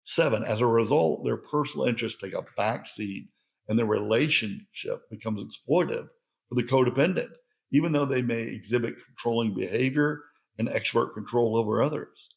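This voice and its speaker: A man's voice: mid-range voice, normal speed, creaky. A middle-aged man hosting a podcast, talking in an earnest, heartfelt monologue. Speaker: podcast host.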